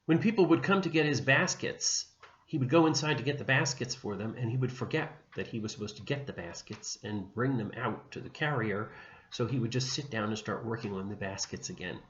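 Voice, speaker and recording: A man teaching religion by retelling a saint's life gently and without hurry, with small restarts along the way. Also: medium pitch, fairly quick. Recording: dull, echoey room recording with faint hum.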